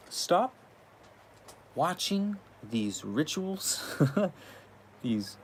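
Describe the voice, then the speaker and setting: A male host talks in a loose, rambling monologue, swearing often and laughing between his points. His voice sits a little higher than the typical man's. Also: darkish tone. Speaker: channel host.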